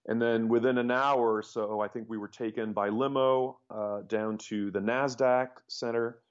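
A man telling his story as a podcast guest, rambling and animated, with many restarts. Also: medium pitch, normal speed. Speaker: interview guest, startup founder. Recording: dull lo-fi podcast audio.

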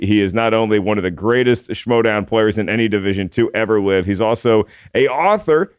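A man's voice: mid-range voice, clean tone, no echo, clean studio sound. A man hosting a casual movie podcast, chatty and joking as he reads listener mail. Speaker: podcast host.

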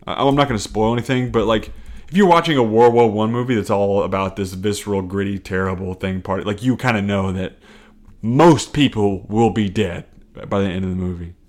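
Low-voiced man rambling on a solo podcast. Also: a little fast, darkish tone. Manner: rambling, profane, self-deprecating, with frequent laughs. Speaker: podcast host. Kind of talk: casual solo comedy podcast.

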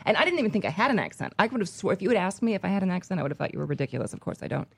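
A woman's voice: lowish voice, racing, gravelly, slightly rough, no room sound. Laughing, chatty woman telling stories. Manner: animated storytelling, laughs often. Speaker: guest. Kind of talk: casual chat.

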